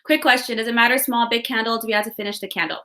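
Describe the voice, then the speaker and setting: A woman with a fairly high, bright and forceful voice speaks rapid-fire while hosting a live online workshop in a home room with a window. Upbeat and chatty, she greets viewers according to where they're from.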